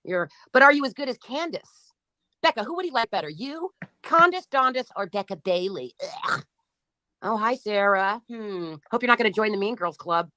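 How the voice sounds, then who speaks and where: A woman's voice: medium pitch, animated, moderate pace, sharp tone, no echo. A woman hosting a livestream who reads out chat comments and answers them in a mocking, profane and taunting way. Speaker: livestream host.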